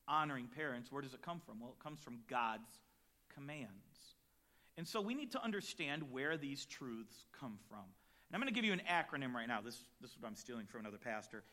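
A man preaching a sermon as pastor, dynamic, shifting between quiet reflective lines and loud emphatic ones, telling personal stories with acted-out quotes. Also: mid-range voice, sing-song, normal speed. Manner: storytelling with acted quotes and chuckles.

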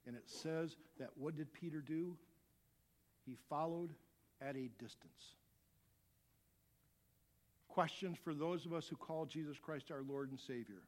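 A middle-aged man preaching a sermon as a pastor, animated, dropping to quiet asides and rising to loud shouts. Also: on the high side, a little slow, long pauses.

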